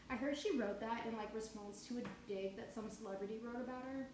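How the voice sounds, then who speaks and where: A woman hosts a casual podcast. Her voice sits a little high, and she chats loosely and goofily, often going off on tangents. The room is echoey and has a faint hiss of background noise. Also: a little fast, few pauses. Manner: chatty, goofy, breaks into off-key singing and tangents. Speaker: podcast host. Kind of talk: casual podcast reading and chat. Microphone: home podcast mic.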